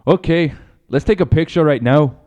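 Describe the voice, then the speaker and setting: A man voicing a brash, cocky young male fighter in a rough attempt at an Irish accent, talking gruff and rude. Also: fairly high pitch, normal speed, dark tone, big-room sound, highs cut off, lightly acted.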